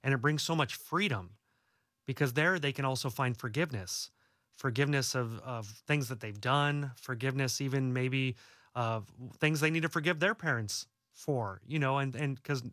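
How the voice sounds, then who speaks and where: A man's voice: mid-range voice, normal speed, fairly bright tone, no room sound, studio quality. A young adult man, an author and guest, talking earnestly and reassuringly in a casual faith-based interview, often restarting his words.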